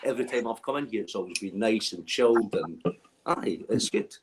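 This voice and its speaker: A man's voice: lowish voice, lively intonation, a little fast, a crowd in the background. A man in casual live-stream chat, laid-back and swearing casually.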